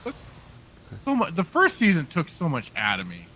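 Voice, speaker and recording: A man co-hosting a casual podcast chat, animated, acting out quoted reactions. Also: fairly high pitch, moderate pace, a crowd in the background. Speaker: podcast co-host.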